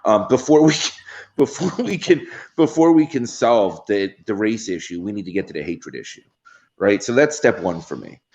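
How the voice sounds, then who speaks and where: A man's voice: on the low side, lively intonation, normal speed, a little mellow, muffled recording. A man speaking as a panel guest in a roundtable discussion, earnest and determined.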